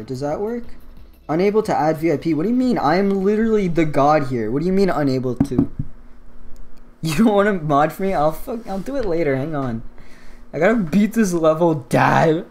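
A man's voice: fairly high pitch, a little mellow. An American man streaming a game, chatting casually with his chat, laughing often and swearing freely as he rambles. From United States. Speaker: gaming streamer. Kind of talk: casual live-stream chat while playing.

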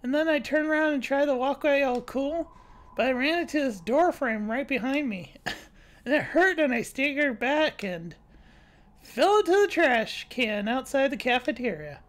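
A woman reading the lines of a blunt, goofy young adult female cat, telling a rambling story in a deadpan way. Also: high voice, moderate pace. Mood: wry.

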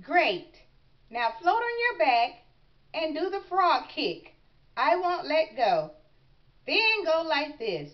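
A woman's voice: high-pitched, very animated, slow pace, exaggerated voice. A woman voicing a patient mother frog who coaxes and encourages her son, as in a storybook reading. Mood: encouraging. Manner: encouraging, coaxing. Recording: slightly muffled recording.

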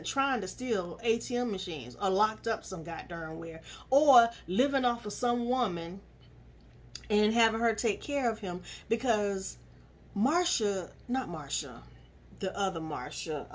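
A woman giving sassy, animated commentary while she recaps a reality TV episode and scolds its cast. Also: medium pitch.

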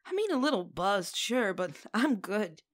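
A woman's voice: medium pitch, very animated, measured pace. A woman voicing a playful young woman witch who teases and laughs as she talks. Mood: teasing.

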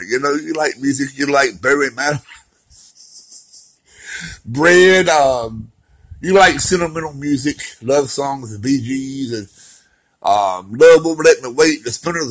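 This vlogger, a middle-aged man, opens up about his recovery in an emotional personal monologue that rambles and leans on slang while staying heartfelt. His voice is medium-pitched, a bit bright and breathy at the edges, and the audio is poor.

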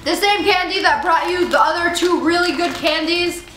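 Giggly young woman vlogger, bright voice. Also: very high-pitched, moderate pace, roomy sound, a little hiss or hum, poor audio. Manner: giggly, chatty, swings between loud excitement and mumbled chewing. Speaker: vlog host. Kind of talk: casual candy taste-test chat.

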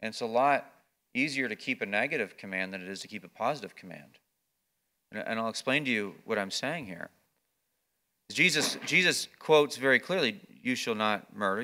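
Bright-voiced man preaching a sermon. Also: on the low side. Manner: earnest preaching with frequent word repeats; swings between quiet explaining and raised emphatic passages. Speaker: pastor. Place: church or campus ministry gathering.

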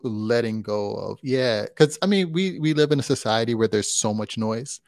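A man talking casually as a photographer guest in an interview, relaxed and rambling, with lots of fillers and restarts. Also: mid-range voice, normal speed, vocal fry, dry recording, clean studio sound.

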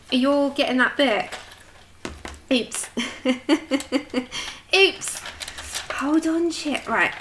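Casting: woman, bright chatty livestream host, slightly high, faint noise behind. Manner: chatty, reads comments aloud, coos at her dog. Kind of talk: casual chat with live chat. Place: home, at her desk.

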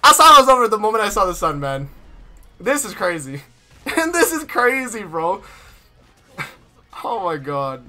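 A man's voice: high voice, very animated, moderate pace, pauses often, pushed and bright. A young man streaming a mobile game, reacting to his summons in casual, exasperated commentary full of slang and laughter. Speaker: gaming streamer. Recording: faint game music behind. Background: game music.

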